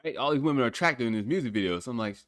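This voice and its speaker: A man's voice: medium pitch, expressive, racing, a bit bright, dry recording. Guy hosting a podcast, cussing and laughing at what he's watching, voice bouncing all over, dry close mic. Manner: blunt and profane, often breaking into incredulous laughter. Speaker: podcast host. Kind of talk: casual commentary on a music video.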